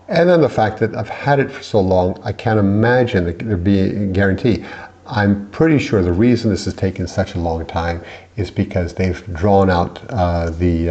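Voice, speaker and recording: A middle-aged man from the United States vents his frustration in a vlog, his voice low and heavy. He rambles, circles back and restarts his sentences. The recording sounds slightly dull and lo-fi. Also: a little mellow. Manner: irritated, rambling with many restarts. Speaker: vlogger. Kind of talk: angry complaint vlog.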